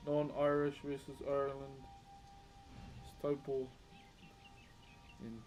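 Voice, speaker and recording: A fairly high, mellow voice belongs to a Kiwi man carving wood on a live stream, speaking unhurriedly with frequent pauses over soft background music. He keeps things relaxed and chatty, addressing everyone as bro.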